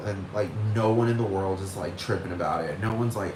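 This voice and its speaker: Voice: mid-range voice, a little fast, few pauses. A speaker ranting in a casual monologue, swearing constantly and rambling with many "like"s and "dude"s. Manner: heavy swearing, rambling and exasperated; repeats phrases, many fillers like "like" and "dude". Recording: echoey room with faint background noise.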